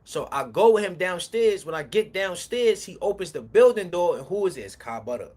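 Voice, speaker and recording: A man casually telling a street story, profane and animated, acting out arguments as he goes. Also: high-pitched, fairly quick. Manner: animated, profane, acts out confrontations.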